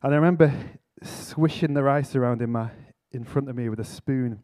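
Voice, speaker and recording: Delivering a sermon in a conference hall, a church conference speaker recounts a story sincerely, laced with self-deprecating humour. He talks briskly in a medium-pitched, darkish voice.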